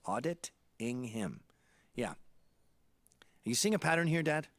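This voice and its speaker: Animated, irreverent male podcast host. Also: on the high side, moderate pace, no echo. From Canada. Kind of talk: comedic monologue.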